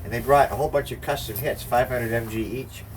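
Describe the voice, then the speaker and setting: A man's voice: mid-range voice, brisk. Older man telling a rambling story. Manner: rambling, profane, acts out quoted voices. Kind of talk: casual rambling anecdote. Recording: distant mic with faint background noise.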